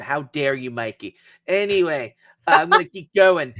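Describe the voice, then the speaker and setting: A man co-hosting a wrestling podcast in casual chat, excitable and often stammering through restarts. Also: fairly high pitch, takes it slowly, gravelly, dry recording, studio quality. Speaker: podcast co-host.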